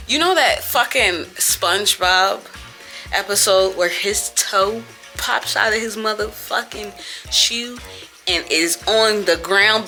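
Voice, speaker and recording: Profane, bright-voiced young woman ranting. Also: medium pitch. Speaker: vlogger. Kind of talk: casual venting vlog.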